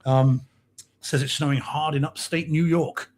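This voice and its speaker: A man's voice: on the high side, steady tone, unhurried, a little mellow, a little hiss or hum. A man co-hosting a podcast in a casual live-stream chat, reading out and greeting viewer comments. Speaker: podcast co-host.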